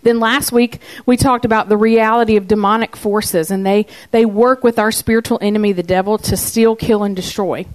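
A middle-aged woman preaches in a relaxed, conversational way. Her voice sits at an ordinary middle pitch, and she keeps turning to the congregation with questions. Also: normal speed, hardly any pauses. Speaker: pastor. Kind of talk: sermon.

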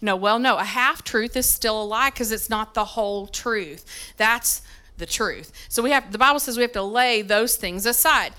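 Woman, pastor, sermon, fairly high, bright tone, chatty storytelling, stage mic. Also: normal speed, clear, resonant tone. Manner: lively, self-deprecating storytelling with many ums. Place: church service. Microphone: handheld or stage mic with feedback when moving.

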